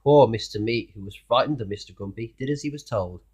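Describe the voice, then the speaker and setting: A man reading a children's storybook aloud in an expressive way, asking the listener questions along the way. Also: medium pitch, fairly quick, slightly rough. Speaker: narrator reading a children's book.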